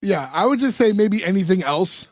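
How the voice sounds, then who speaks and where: A man's voice: sits high, animated, normal speed. A man co-hosting a podcast, recapping a TV episode in casual chat and laughing as he retells scenes. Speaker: podcast co-host.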